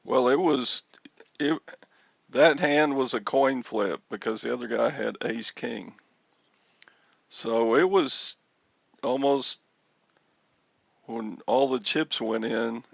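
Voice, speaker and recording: An older man hosting a casual chat, telling a rambling story with chuckles and excited bursts. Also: mid-range voice, vocal fry, dry recording, lo-fi sound. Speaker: host. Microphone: headphones with mic.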